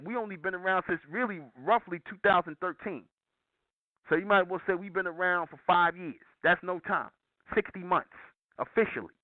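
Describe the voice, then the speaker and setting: A man's voice: sits high, moderate pace, no room sound. Preachy man on a tinny line. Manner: emphatic, repetitive, lecturing listeners directly. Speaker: call-in show host. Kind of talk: preachy call-in monologue.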